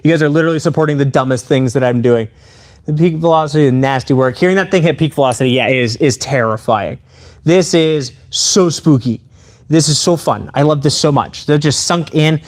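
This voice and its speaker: A man live-streaming a demonstration of improvised weapons. He talks to his chat in an excitable, playful way. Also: a little high, brisk. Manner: excitable and playful, addressing viewers directly.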